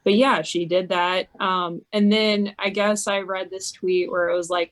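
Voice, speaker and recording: A woman's voice: mid-range voice, little pitch movement, a little slow, few pauses. A woman co-hosting a podcast, chatting loosely about politics with frequent giggles. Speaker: podcast co-host. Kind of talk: casual political chat.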